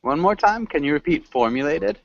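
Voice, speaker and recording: A man's voice: a little high, lively intonation, normal speed, gravelly, no echo, dull audio. A man teaching an online English class, patiently coaching students on words and pronunciation.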